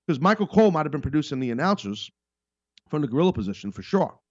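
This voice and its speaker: A man's voice: a little high, no room sound, dull audio. A middle-aged man hosting a podcast in a casual, rambling monologue. He talks emphatically and repeats his points. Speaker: podcast host.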